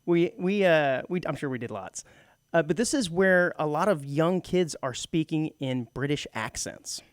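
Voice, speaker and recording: A man's voice: on the high side, animated, moderate pace, dry recording, studio quality. A middle-aged man co-hosting a radio show, chatting casually and laughing often. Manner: chatty, laughs often, slips into mock British voices. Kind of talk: casual talk radio banter. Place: radio studio.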